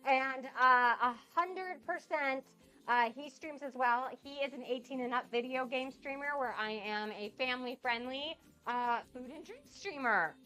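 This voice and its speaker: Bubbly high-voiced woman streamer. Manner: bubbly, gushing and excitable. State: getting over a cold. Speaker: cooking streamer. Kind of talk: casual live-stream chat.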